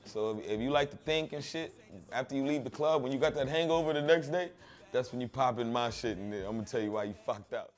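A man's voice: medium pitch, fast talker. A man being interviewed, telling stories in a blunt, profane, streetwise way. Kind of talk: casual interview talk.

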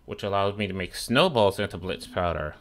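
A young man with a fairly low voice gives casual gameplay commentary. He swears freely and trash-talks the mobs that keep shooting him. A keyboard clacks softly in the background. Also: fairly quick. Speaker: gaming streamer.

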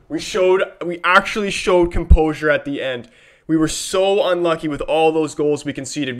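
A young man filming himself reacting live to a football match, muttering one moment and shouting and swearing the next. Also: a little high.

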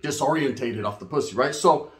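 A man's voice: mid-range voice, a little fast, echoey room. A middle-aged man from California with a Chicano English accent, telling a profane comedic story in street slang and speaking straight to his listeners. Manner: streetwise slang, acts out other voices, addresses listeners directly. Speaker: storyteller host.

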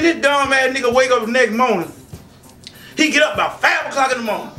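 A man telling profane stand-up comedy stories in a loud, animated way, often breaking into shouts. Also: very high-pitched, fast talker. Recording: distant mic, faint music behind.

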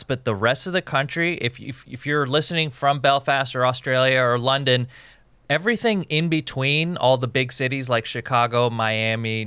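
A man's voice: medium pitch, bright, forceful tone, clean tone, no echo. A man from Jordan co-hosting a casual podcast, joking and reading listener emails aloud. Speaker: podcast co-host.

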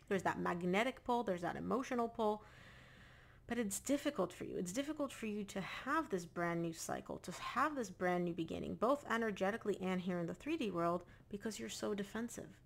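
Tarot lady talking right at you, casual and emphatic, lots of vocal fry, mid pitch. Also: animated, brisk. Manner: emphatic, repeats phrases, addresses the viewer directly. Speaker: tarot reader. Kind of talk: casual spoken tarot reading.

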